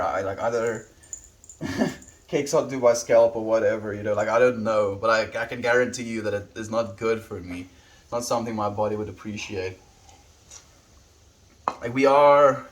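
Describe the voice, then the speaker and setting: A man's voice: fairly low pitch, a little hiss or hum. Friendly man chatting on a stream. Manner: friendly, greets viewers by name, reads chat aloud. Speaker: livestreamer. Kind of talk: casual chat with live viewers.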